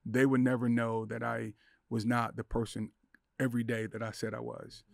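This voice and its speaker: A man's voice: medium pitch, level tone, normal speed, vocal fry, no echo, studio quality. A middle-aged man, a podcast guest, telling an emotional personal story with intensity, acting out the voices in his head. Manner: intense, acts out inner voices and quotes.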